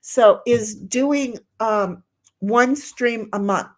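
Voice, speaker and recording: A woman's voice: on the high side, extremely slow. A woman hosting a livestream, reading chat aloud in a rambling, chatty way with many fillers.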